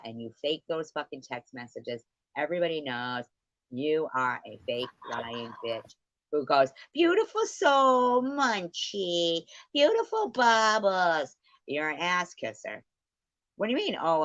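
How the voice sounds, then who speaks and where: A woman hosting a live stream, taunting and swearing at a guest, her voice swinging between loud jabs and low mutters. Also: dry recording. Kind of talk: heated live stream argument. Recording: dull lo-fi stream audio.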